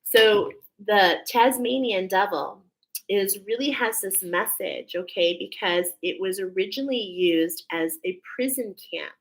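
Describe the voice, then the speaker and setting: A woman giving an intuitive oracle card reading to her viewers, earnest and searching, repeating phrases and pausing often with fillers. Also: medium pitch, low-quality recording. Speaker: spiritual card reader.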